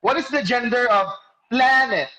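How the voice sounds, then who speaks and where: A male teacher giving an online class lecture over a video call. He explains slowly, quizzes students by name and corrects himself mid-sentence. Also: high-pitched, big pitch swings, sharp tone, rough recording.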